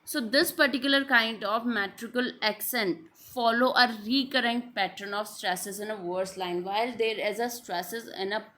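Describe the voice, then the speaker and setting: A woman's voice: a little high, normal speed, few pauses, bright, forceful tone. A woman teaches a literature lesson. She circles back over each definition, restating it and filling gaps with "all right then" and "uh". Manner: repetitive, restating definitions with frequent fillers. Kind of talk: explanatory lecture.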